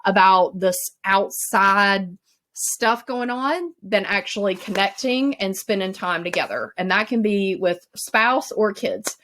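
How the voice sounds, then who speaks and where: A woman's voice: mid-range voice, takes it slowly, fairly bright tone, slight background noise. Chatty woman giving a motivational talk. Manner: chatty and conversational, laughs at herself. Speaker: life coach.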